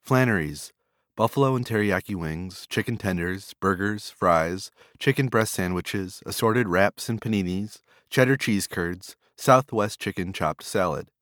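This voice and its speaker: A man reading a long list of food vendors and menu items in a steady, flat delivery. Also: sits low, unhurried, no room sound, studio quality.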